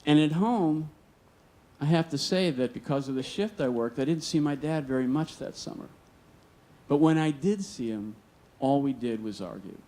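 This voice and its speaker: A man's voice: fairly high pitch, moderate pace, mellow. Male live storyteller, earnest and vivid, voices the dialogue himself. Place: stage at a museum storytelling event.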